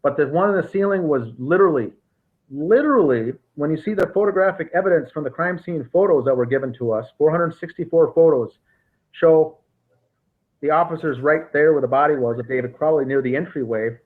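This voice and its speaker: Speaking briskly in a fairly high voice, a man hosts a podcast and goes over case details methodically, frequently breaking off to restart. It's a casual investigative discussion captured on a tinny, phone-like line.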